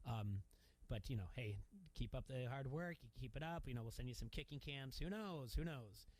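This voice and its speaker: A man's voice: medium pitch, a little fast, darkish tone. A man hosting a sports radio show, telling a long story in a casual, rambling way, full of fillers and restarts.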